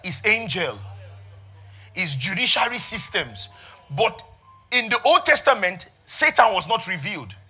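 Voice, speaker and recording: A male pastor preaching an impassioned sermon, swinging between hushed asides and shouted passages. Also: high-pitched, sing-song, a little slow, slightly rough, faint music behind.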